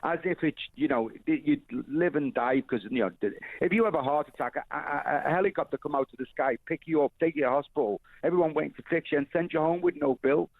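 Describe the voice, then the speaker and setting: Male phone-in caller, gravelly voice, rambling and earnest, tinny line. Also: a little high, quick pace, few pauses, no echo. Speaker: radio caller. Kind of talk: phone-in call.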